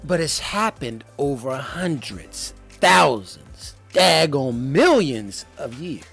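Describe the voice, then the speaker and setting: A man's voice: fairly high pitch, big pitch swings, slow pace, vocal fry, a bit bright, slightly rough, soft background music. A young man hosting his own vlog from home, talking straight to viewers in a loose, slangy, conversational way. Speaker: vlog host. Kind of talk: casual talk to camera. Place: home room, indoors.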